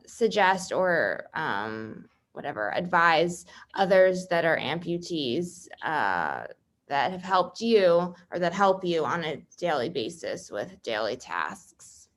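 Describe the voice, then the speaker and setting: A woman interviewer who speaks softly and hesitantly, with many fillers. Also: fairly low pitch. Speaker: interviewer, host. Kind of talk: casual conversational interview.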